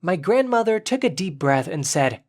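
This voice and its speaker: A narrator telling a first-person story in an even, clearly paced storytime narration. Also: medium pitch, normal speed.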